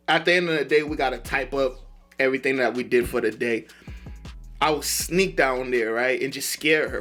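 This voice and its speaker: A man's voice: fairly high pitch, fairly bright tone. A man hosting a reaction video, talking in a laid-back, slangy way with laughing asides. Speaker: reaction channel host. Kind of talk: casual reaction commentary.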